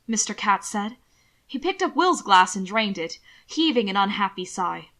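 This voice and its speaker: Bright-voiced woman narrating a story. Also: medium pitch, moderate pace. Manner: expressive storytelling. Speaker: audiobook narrator. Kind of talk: fan fiction audiobook narration.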